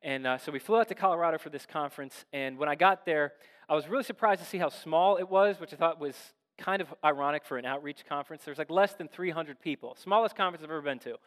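A young adult man, a pastor from Maryland, preaching a sermon in a relaxed, conversational, self-deprecating storytelling way in a church. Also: on the high side, quick pace. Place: church sanctuary. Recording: long hall reverb.

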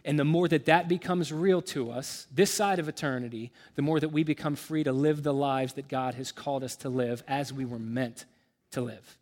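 A man's voice: mid-range voice, steady tone, moderate pace, a little mellow. A man pastor preaching a sermon in a church, earnest and building to raised intensity on key points, with casual asides full of restarts and fillers.

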